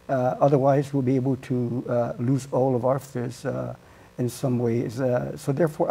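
Guam man running for office, mellow gravelly voice, lots of uhs. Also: mid-range voice. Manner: halting, many fillers. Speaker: senatorial candidate. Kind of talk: answering panel questions.

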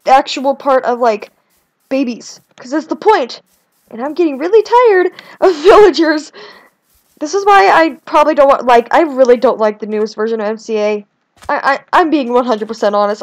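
A young woman chatting casually while playing a video game, rambling and swinging between whiny complaints and excited outbursts. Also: high voice. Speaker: gaming video creator. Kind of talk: casual let's-play commentary.

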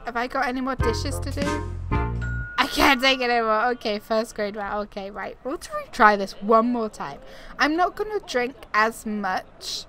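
A woman's voice: fairly high pitch, animated, normal speed, music in the background. A woman giving casual let's-play commentary, talking to herself and exclaiming as she plays, with game audio behind her. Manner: chatty, exclaiming, talks to herself while playing. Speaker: gaming YouTuber. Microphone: desktop USB mic.

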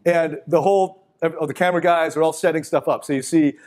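A man's voice: a little high, fairly even intonation, brisk, darkish tone. A middle-aged man giving a live motivational talk. He is blunt and swears freely, and he breaks into little performances of the people he quotes. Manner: blunt, profane, acts out quoted voices.

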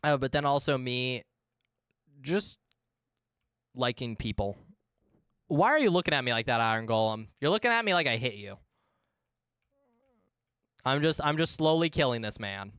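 A woman in her twenties, chatting casually and excitably with viewers while streaming a game, swearing freely. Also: extremely low pitch, normal speed, long pauses, clean tone, no echo, clean studio sound. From United States. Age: 20s. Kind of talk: casual live-stream chat.

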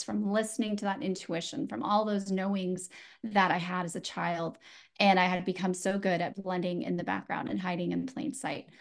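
An adult woman from San Francisco, USA, appears as a guest and shares a personal story earnestly and reflectively. Her pitch is an ordinary middle range for a woman, and she frequently pauses, restarts and drops in small fillers.

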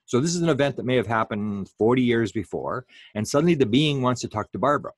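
A man's voice: mid-range voice, expressive, fast talker, no echo. A man giving a public lecture in a rambling way, full of fillers and restarts.

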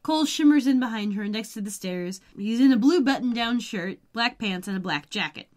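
A woman's voice: fairly high pitch, expressive, fairly quick, a little mellow. Easygoing woman co-host recapping. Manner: easygoing, brief agreeing interjections. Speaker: podcast co-host. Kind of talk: casual episode recap chat.

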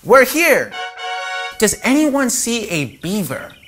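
Upbeat male kids' show host, slow and deliberate, playful, music bed behind. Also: very high voice, big pitch swings. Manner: upbeat, talks directly to young viewers; playful, acts out animals. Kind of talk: preschool educational presenting.

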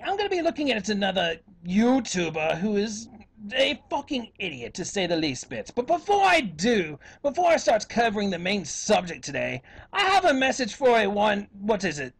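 Guy putting on a snooty british professor, husky, voice jumping all over, cussing nonstop. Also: high-pitched, huge pitch swings, normal speed, a bit bright, full character voice. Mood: smug. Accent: put-on British. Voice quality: profane, insulting rants. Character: evil ranting British professor persona, man. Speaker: YouTube commentator. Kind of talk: ranting video commentary.

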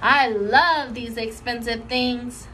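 A woman doing a shrill, dramatic little rich girl. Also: steady tone, slow, bright, forceful tone, slight background noise. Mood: thrilled. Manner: shrill and alarmed, stretched-out words.

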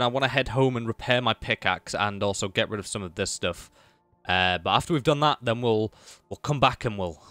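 Excitable man commentating gameplay. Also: dry recording. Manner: excitable, talks to enemies and pets, swings from low mutters to high exclamations. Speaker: gaming YouTuber.

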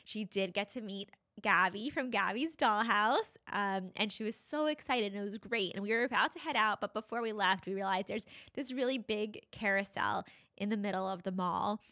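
A woman's voice: mid-range voice, moderate pace, sharp tone. A young woman, a podcast guest, retelling a frightening personal story in a breathless, vivid way full of "like"s.

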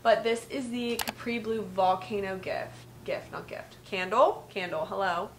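A woman's voice: medium pitch, unhurried, noisy background. A young woman in her twenties chatting casually in a gift-guide vlog from her bedroom, saying "like" a lot. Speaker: vlogger. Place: bedroom at home. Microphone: vlog camera.

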